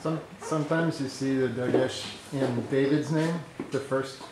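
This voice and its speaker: A man's voice: medium pitch, steady tone, measured pace. A man speaking as a student in a class, giving brief answers and agreeing remarks. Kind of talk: classroom discussion. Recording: echoey room, loud background noise.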